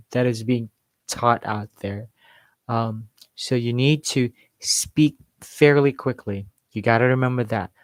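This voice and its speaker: An English accent coach gives an unscripted lesson in an unhurried, measured way, often circling back to repeat a point for emphasis. His voice sits at an ordinary pitch and sounds dry and close, with no room sound.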